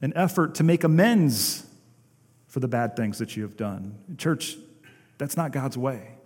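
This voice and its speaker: A male pastor delivering a sermon, moving between emphatic exclamations and hushed, slowed-down phrases to stress his points. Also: mid-range voice, lively intonation, big-room sound. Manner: dynamic preaching, swings from emphatic to hushed, slows for emphasis.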